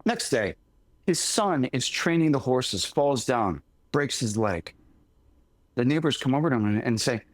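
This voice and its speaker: A man's voice: mid-range voice, expressive, a little slow, no room sound. A man co-hosting a podcast in casual chat, telling a story in a rambling way with restarts. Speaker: podcast co-host.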